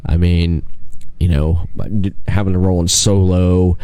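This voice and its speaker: A man hosting a podcast in casual chat, an animated storyteller who laughs a lot and restarts his sentences. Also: deep voice, a little slow, smooth, no echo. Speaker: podcast host.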